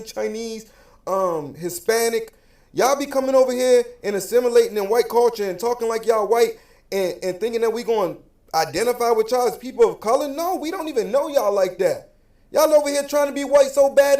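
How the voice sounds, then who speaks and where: A man with an African American English accent delivers a blunt, repetitive rant straight to the camera. His voice sits very high for a man. The room around him rings with echo. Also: darkish tone. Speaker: social media commentator. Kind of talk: heated direct-to-camera rant.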